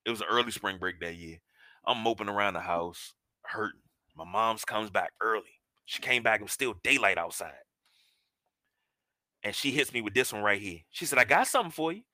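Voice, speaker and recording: 40s guy hosting sports radio, telling a story, real bright tone, dry sound, stretches words for emphasis. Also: on the low side, dry recording. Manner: animated, drawn-out emphasis, colloquial. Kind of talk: storytelling monologue.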